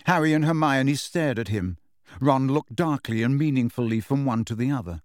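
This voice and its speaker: A man narrates a novel as an audiobook in a measured, expressive storytelling style. His voice is mid-range, and the studio-quality recording is dry.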